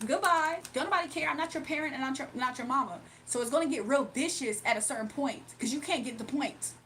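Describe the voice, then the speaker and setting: A woman's voice: sits high, quick pace, fairly bright tone, slight background noise. A woman hosting a livestream in a casual, blunt, scolding manner. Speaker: livestream host.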